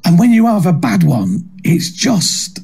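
Husky, animated Northern English comedian. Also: male voice, high voice, unhurried. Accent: Northern English, Manchester. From England. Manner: lively, self-mocking, laughs through stories. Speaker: comedian guest. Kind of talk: anecdotal storytelling.

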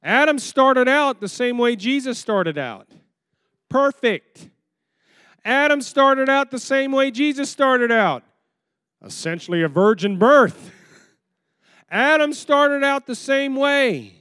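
A pastor preaching a sermon, firing rhetorical questions at the congregation and swinging between loud, emphatic lines and low, quiet ones. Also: male voice, expressive, slow pace, pauses often, smooth, dry recording, studio quality.

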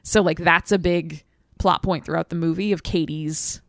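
A woman's voice: fairly low pitch, fairly even intonation, normal speed, dry recording, studio quality. A woman talking casually about a movie as a podcast co-host, chatty and full of "like" fillers. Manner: chatty, filler-heavy with frequent "like".

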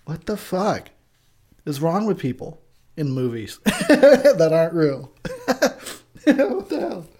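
A man's voice: high-pitched, sing-song, slow, darkish tone, husky. A tipsy man giving drunken movie commentary, ranting with lots of swearing and laughter. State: tipsy from drinking.

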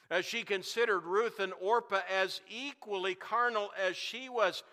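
Man, pastor, sermon, high bright voice, long church reverb. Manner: preaching with rising emphasis and repeated phrases. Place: church sanctuary. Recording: long reverb of a large hall.

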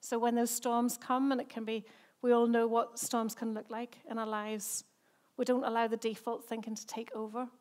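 A woman's voice: on the high side, level tone, normal speed, hardly any pauses, a little mellow. A woman, a senior pastor who preaches a sermon in a chatty, self-mocking way and laughs often. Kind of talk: sermon with personal stories.

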